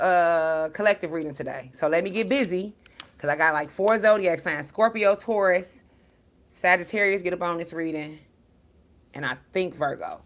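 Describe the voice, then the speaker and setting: A woman vlogger talking straight to her viewers about healing, blunt and profane, swinging between loud bursts and quiet murmurs. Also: on the low side, moderate pace. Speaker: spiritual vlogger and card reader. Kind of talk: casual, heartfelt monologue to viewers.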